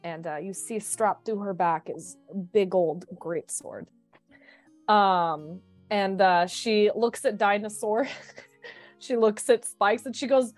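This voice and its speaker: A woman's voice: medium pitch, slow, a little mellow, dry recording, soft background music. A woman playing a tabletop game, playful and describing her character at length with many fillers. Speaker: player. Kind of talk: casual tabletop game chat.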